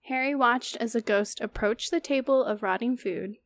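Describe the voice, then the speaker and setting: A woman reading a book chapter aloud on a podcast, pausing to comment and laugh. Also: fairly high pitch, no room sound. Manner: reads steadily, stops to comment and laugh. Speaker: podcast co-host.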